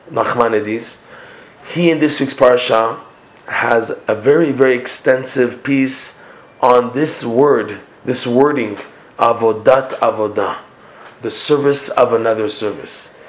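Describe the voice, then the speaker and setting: A man's voice: mid-range voice, echoey room. A man giving a Torah lesson, earnest and emphatic, often repeating and rephrasing his points. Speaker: Torah teacher.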